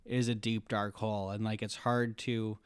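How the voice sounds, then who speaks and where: Man, podcast guest, smooth clear voice, dry close sound, rambling self-deprecating storyteller. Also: fairly low pitch, little pitch movement, moderate pace, no echo. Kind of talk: casual conversation.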